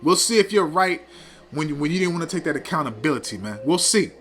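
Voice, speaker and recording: A man's voice: a little high, lively intonation, fast talker, fairly bright tone, soft background music. A man teaching scripture in a scolding, preachy way, often tagging lines with "man" and "okay". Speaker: teacher of a religious group.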